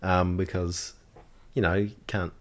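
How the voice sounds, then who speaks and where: Very deep-voiced New man chatting. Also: little pitch movement, unhurried. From New Zealand. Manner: laughs often, swears casually. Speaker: podcast co-host. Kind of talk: casual chat.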